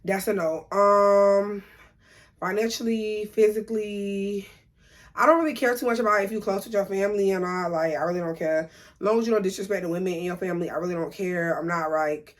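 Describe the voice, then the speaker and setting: A woman's voice: medium pitch, steady tone, a little fast. A young woman, talking casually to camera, blunt and opinionated, repeating her points for emphasis. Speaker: vlogger.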